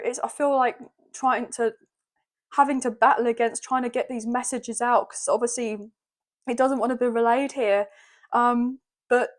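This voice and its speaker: A woman giving a spontaneous tarot reading to her viewers, effusive and emotional, exclaiming often and rambling with many fillers. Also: high-pitched. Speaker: tarot reader.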